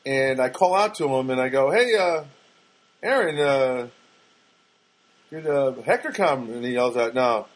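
A man's voice: mid-range voice, lively intonation, unhurried, low-quality recording. A man telling a casual, rambling story with many fillers and restarts, with wry, self-deprecating asides.

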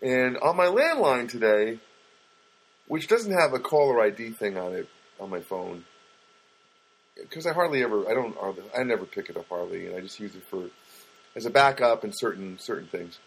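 A man's voice: on the low side, lively intonation, moderate pace, gravelly, breathy edge. A middle-aged man hosting a podcast, talking in a rambling, wry, self-mocking comic monologue. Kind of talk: casual comedic monologue.

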